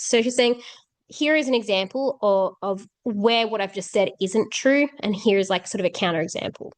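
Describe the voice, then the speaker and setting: A woman's voice: medium pitch, normal speed. A young woman teaching philosophy, reading passages aloud and then explaining them in a casual way with lots of fillers. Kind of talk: explaining a philosophy text to students.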